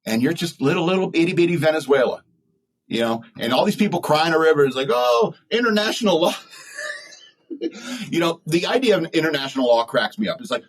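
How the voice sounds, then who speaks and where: A man's voice: a little high, slightly rough, low-quality recording. A man hosting a podcast, talking in a blunt, rambling, opinionated way and laughing at his own jokes. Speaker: podcast host. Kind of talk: opinionated solo talk.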